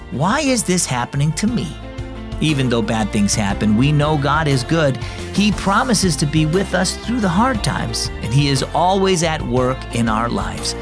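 Earnest man narrating a children's devotional. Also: medium pitch. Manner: earnest, encouraging.

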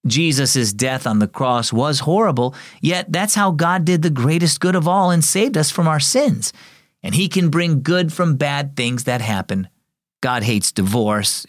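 A man reading a gentle, caring aunt. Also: a little high, expressive, a little slow, dry recording, studio quality, pitched above the performer's own voice. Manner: gentle, reassuring.

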